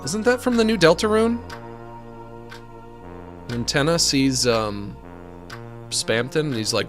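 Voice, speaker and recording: A man's voice: medium pitch, lively intonation, slow, long pauses, soft background music. A young man giving casual, joking commentary while streaming a video game, rambling and looping silly bits. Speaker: let's-play streamer.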